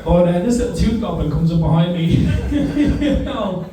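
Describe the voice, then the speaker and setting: A man's voice: sits high, lively intonation, normal speed, distant mic, noisy background. A young man doing a wry, self-deprecating stand-up set, swearing freely. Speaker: stand-up comedian. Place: comedy club stage with audience. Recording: roomy club sound with crowd laughter.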